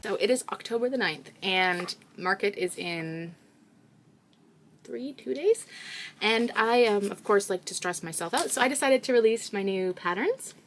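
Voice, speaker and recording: A woman's voice: medium pitch, animated, unhurried, slight background noise. A young woman from Canada, a crochet vlogger who chats casually and rambles with lots of fillers while she works, recorded on her phone. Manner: chatty and rambling, with many fillers.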